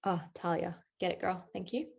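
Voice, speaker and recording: A woman's voice: fairly low pitch, moderate pace, creaky, a little mellow, slightly rough. A young adult woman coaching her team over a video call, chatty and motivational, walking them through affirmations. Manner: upbeat, chatty, motivational, reads affirmations aloud. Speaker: team coach leading a recruiting session. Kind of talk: live online coaching session.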